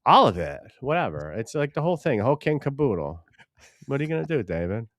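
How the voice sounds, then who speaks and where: Man, podcast co-host, loud, profane, rambling, mid-pitched, dry sound. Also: very animated, quick pace, dry recording. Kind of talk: casual live-stream banter.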